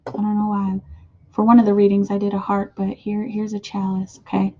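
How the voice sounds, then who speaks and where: A woman's voice: mid-range voice, completely flat delivery, a little fast, highs cut off. Chatty woman giving a card reading. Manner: chatty, addresses viewers as "you guys", many fillers. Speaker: tarot card reader. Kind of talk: casual oracle card reading vlog.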